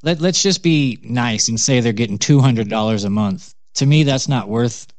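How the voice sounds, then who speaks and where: A man's voice: mid-range voice, moderate pace, no room sound. A man in casual podcast chat who has his own show, talking in an earnest, judging way.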